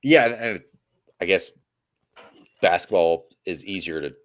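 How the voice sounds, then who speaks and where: A man's voice: sits low, slow. A young man with an American Midwest accent co-hosting a casual sports podcast, laid-back and agreeable. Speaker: podcast co-host.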